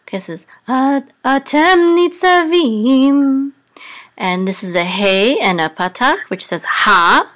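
A woman teaching a casual Hebrew reading lesson, sounding out letters slowly with many pauses and ums. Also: expressive, bright, forceful tone. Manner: slow, deliberate, with many ums, sings the trope marks on a higher pitch.

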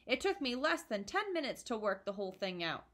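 A woman reading a storybook puts on a smug, crooked car-dealer father who brags and bullies. He talks loudly, sure he is the cleverest man in the room. The voice rides up and down in a lively way. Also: a little high, brisk. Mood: boastful. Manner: loud, bullying and smug. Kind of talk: storybook read-aloud.

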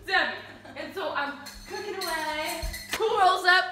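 A young woman doing an improvised comedy story, animated and laughing often. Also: extremely high pitch, measured pace, over loud music. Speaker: vlogger. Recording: echoey room, faint noise.

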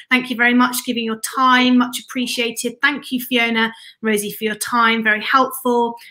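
Bright-voiced enthusiastic woman host. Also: on the high side. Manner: enthusiastic, effusive, reads out viewer messages. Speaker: host of a live-stream Q&A. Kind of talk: hosting a live-stream Q&A.

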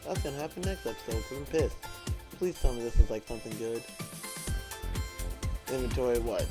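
A man's voice: mid-range voice, animated, fairly quick. Swearing, frustrated man doing game commentary. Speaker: gaming channel host. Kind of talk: profane let's-play commentary. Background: game music.

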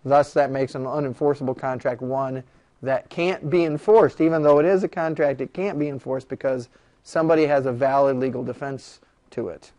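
A man lecturing a classroom on law, animated and jokey, firing rhetorical questions at his students. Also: medium pitch, normal speed.

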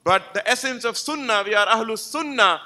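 An Islamic lecturer gives an emphatic religious lecture to a live gathering, telling stories and putting rhetorical questions to the audience. His voice is very high-pitched with a sharp tone, at a moderate pace.

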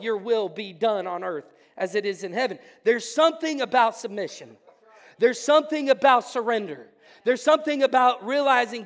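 Man, pastor, joking then fervent preaching, high voice, echoing church hall. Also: animated, brisk. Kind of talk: sermon. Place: church sanctuary. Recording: church hall with long reverb.

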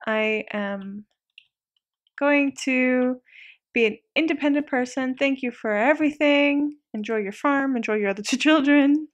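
A woman's voice: high voice, measured pace, dull audio. A woman voicing a cheerful young man thanking his father as he leaves home, in a breezy, thankful manner.

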